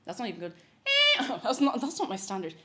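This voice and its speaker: A woman's voice: medium pitch, animated, brisk, heavy background noise. A young woman, chatting casually with viewers on a live cooking stream. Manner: chatty, greets viewers, makes silly animal noises.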